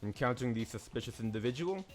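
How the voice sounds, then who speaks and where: A man streaming a live game playthrough, excitable and swearing as he yells at the characters. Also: medium pitch, fast talker. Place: home streaming setup. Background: game music.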